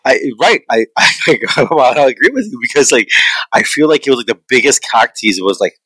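A man in a casual chat about a film, talking in a rambling, profane, animated way. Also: medium pitch, a little fast, no echo, poor audio. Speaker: podcast co-host reviewing a film.

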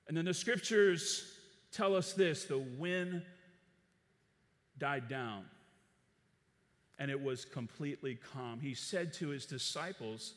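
A man preaching a sermon in a church, animated and asking the congregation rhetorical questions. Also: a little high, unhurried, long pauses. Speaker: pastor. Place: church auditorium. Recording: long church hall reverb.

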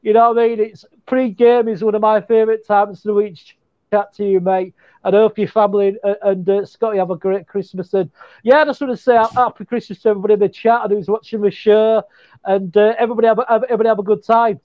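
A British man joins a casual sports podcast remotely, his voice quite high. He chats cheerfully and keeps calling people mate. His audio comes through dull and lo-fi. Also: little pitch movement, fast talker. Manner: cheerful, chatty, says mate often. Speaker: podcast contributor.

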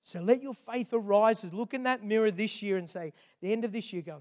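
A man's voice: sits high, brisk, hardly any pauses, darkish tone. An older man, a grandfather, preaching a sermon in a chatty, conversational way with frequent asides. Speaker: pastor.

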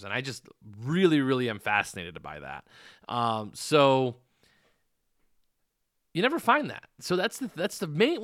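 A man's voice: mid-range voice, fairly bright tone, smooth, dry recording, studio quality. A man hosting a podcast, telling a meandering story in casual chat, full of fillers and restarts. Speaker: podcast host.

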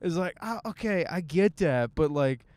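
A man's voice: on the high side, lively intonation, normal speed, darkish tone, no echo. A man hosting a podcast, rambling casually from his car as he drives. He makes self-mocking jokes and swears a lot. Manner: jokey and self-mocking, with frequent swearing and silly voiced asides. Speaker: podcast host. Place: in a car while driving.

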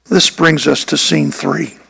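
A man, a pastor, preaching a sermon earnestly and emphatically, with a gravelly voice. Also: fairly high pitch, steady tone, measured pace, bright, forceful tone, low-quality recording.

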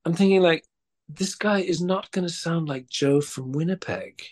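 An actor guest in a casual interview, talking animatedly with many restarts and repeated words. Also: male voice, on the high side, animated, normal speed, a little mellow.

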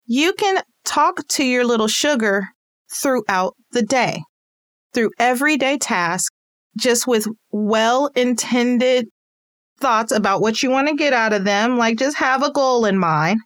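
Talkative mom sharing parenting tips, kinda high voice, dry close sound, laughs a lot. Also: female voice, animated, a little slow, fairly bright tone, no echo. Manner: chatty, laughs easily, acts out little scenes. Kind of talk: casual advice talk.

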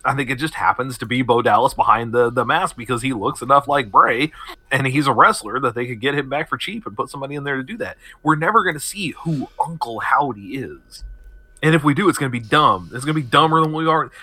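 A young man co-hosting a casual podcast, wry and quick to laugh, often slipping into mocking quoted voices. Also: mid-range voice, lively intonation, sharp tone, no echo. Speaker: podcast co-host. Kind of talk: casual wrestling chat.

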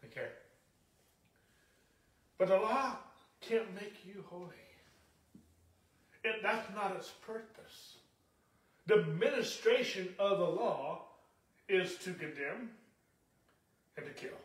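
A man's voice: sits high, slow pace, pauses often, roomy sound, distant mic. A male pastor preaching a sermon in an emphatic, repetitive style, with frequent "okay?" checks to the congregation.

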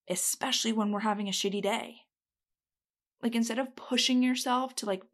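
A woman giving casual self-help advice to camera. She is blunt and feisty, swears freely and stresses her points hard. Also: fairly high pitch. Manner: feisty, emphatic.

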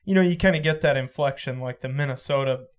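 A man's voice: medium pitch, fast. A man co-hosting a podcast in casual conversation, loose and full of fillers. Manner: loose, filler-heavy chat. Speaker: podcast co-host.

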